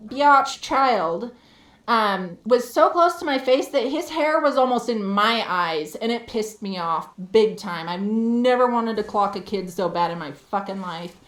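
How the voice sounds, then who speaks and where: Woman, high voice, heated profane rant, casual stream storytelling, roomy echo. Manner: heated, profane, animated retelling.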